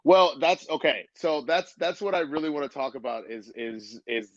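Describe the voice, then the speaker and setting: A man's voice: mid-range voice, normal speed, no room sound. A man in his early thirties, a comedian guesting on a casual podcast, telling stories with lots of energy, swearing and laughter. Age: 30s. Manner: animated storytelling, swearing, frequent laughter. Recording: dull, muffled remote audio.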